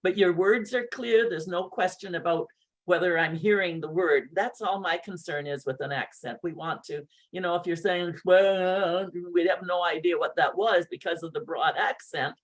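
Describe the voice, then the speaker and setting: A woman speaking coach talks over a video call and gives effusive, encouraging feedback. Her praise is warm and enthusiastic, with a conversational, unhurried delivery. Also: lowish voice. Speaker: speaking coach hosting a session.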